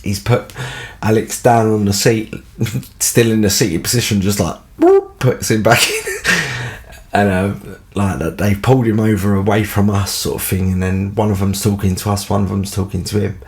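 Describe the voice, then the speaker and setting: A man with a London accent tells a casual story in a rambling, filler-packed way. His voice sits fairly low and has a gravelly edge. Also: fairly even intonation, normal speed, a little mellow. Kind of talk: casual anecdote.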